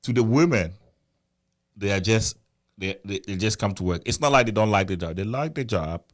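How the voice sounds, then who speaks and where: A married man in his thirties hosting a casual chat, animated, laughing often and repeating words as he argues a point. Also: fairly low pitch, moderate pace. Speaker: podcast host.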